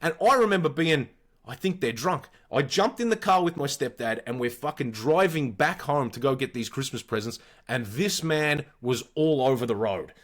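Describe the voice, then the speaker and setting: A man in his forties with an Australian accent, a podcast co-host telling wild childhood stories in a blunt, profane, animated way. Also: medium pitch, moderate pace, hardly any pauses. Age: 40s. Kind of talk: casual storytelling.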